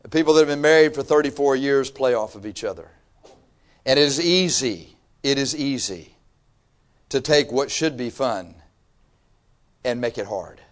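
A man's voice: mid-range voice, normal speed, long pauses. A man, preaching a sermon in a folksy, conversational way with emphatic rising bursts. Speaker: pastor.

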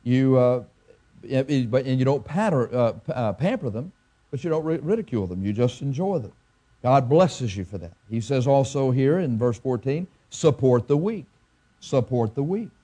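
A man preaching a sermon as a pastor, telling a story and pressing his point with emphatic repetition and halting restarts. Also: mid-range voice, lively intonation, dark tone.

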